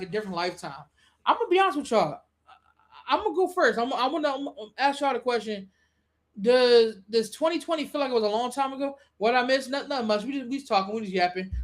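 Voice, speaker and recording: A woman hosting a live-stream podcast, talking casually with slangy, profane language and swinging into high, animated rants.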